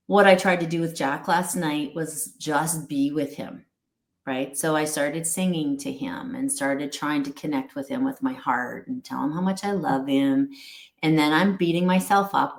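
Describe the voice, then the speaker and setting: Middle-aged woman, interview guest, earnest and rambling, lower voice, echoey room. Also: steady tone, a little slow. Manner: earnest, rambling with restarts and acted-out quotes. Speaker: guest, pet wellness company founder. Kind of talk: candid interview talk.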